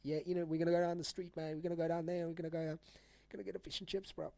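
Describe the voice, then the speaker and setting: A man voicing a swaggering young British lad with a put-on British accent and heavy street slang, fast and playful. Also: a little high, little pitch movement, gravelly, dark tone, no room sound, pitched above the performer's own voice. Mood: joking. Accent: British English.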